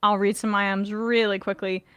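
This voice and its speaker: A woman's voice: mid-range voice, flat delivery, fairly bright tone, clean tone, dry recording. Woman host, voice slightly worn. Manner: conversational, quick when reading aloud. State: slightly losing her voice. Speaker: podcast host. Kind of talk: casual sports chat, reading listener messages.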